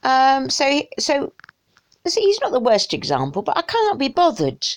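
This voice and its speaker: Sarcastic woman ranting with lively pitch. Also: measured pace. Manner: sarcastic, exasperated, mutters asides. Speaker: video blogger. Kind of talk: emotional rant commentary.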